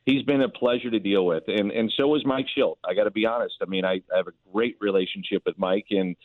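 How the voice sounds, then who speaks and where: A man's voice: fairly low pitch, fast talker, no echo. A man who works as a baseball broadcaster, chatting as a guest on a sports radio show in a conversational way. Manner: conversational, lots of fillers and restarts. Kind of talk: casual sports radio chat. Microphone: phone. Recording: tinny dry phone line.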